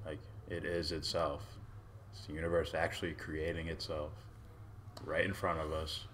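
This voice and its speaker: Very deep-voiced, laid-back podcast host. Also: male voice, flat delivery, moderate pace, fairly bright tone, a little hiss or hum. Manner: laid-back, profane, joking. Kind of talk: casual reaction chat.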